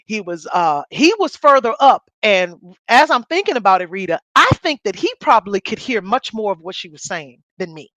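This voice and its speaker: A middle-aged woman, co-hosting a podcast and telling a story in a loud, blunt, animated way. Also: mid-range voice, normal speed, few pauses, no room sound, dull audio. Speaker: podcast co-host. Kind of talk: casual storytelling chat.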